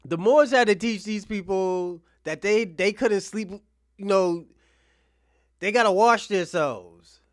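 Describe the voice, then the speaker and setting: A man's voice: sits high, takes it slowly. A man hosting casual commentary on clips, laughing often and swearing freely. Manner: laughing often, profane, animated. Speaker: host.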